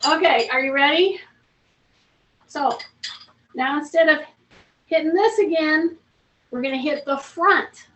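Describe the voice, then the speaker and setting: A woman's voice: sits high, measured pace, pauses often, fairly bright tone, recorded from a distance. A woman fitness instructor leading a seated strength class at home, coaching in a chatty way and calling out breaths and reps. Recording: roomy, from off-mic, faint noise.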